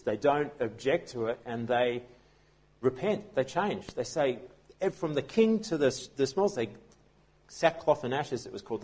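Man, pastor, sermon, conversational storytelling, husky, mid pitch. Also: darkish tone. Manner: conversational storytelling, many restarts.

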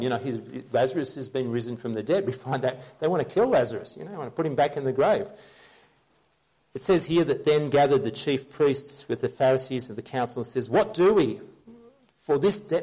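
A man's voice: mid-range voice, darkish tone. Earnest conversational male preacher. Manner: earnest, explains scripture and checks in with listeners. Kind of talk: conversational Bible teaching sermon.

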